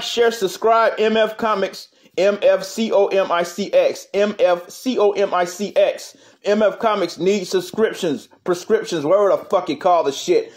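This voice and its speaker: Crude, profane man hosting a comedy show. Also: high-pitched. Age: adult. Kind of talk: improvised comedy monologue.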